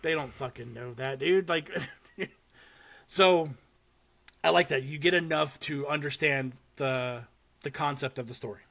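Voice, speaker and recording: A young man hosting a podcast, casually and excitedly retelling a short horror film with swearing and laughter. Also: fairly high pitch, unhurried, gravelly. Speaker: podcast host. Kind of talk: casual chat.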